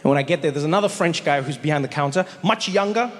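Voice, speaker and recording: A man telling a stand-up comedy story, animated and playful. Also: a little high, fast, big-room sound.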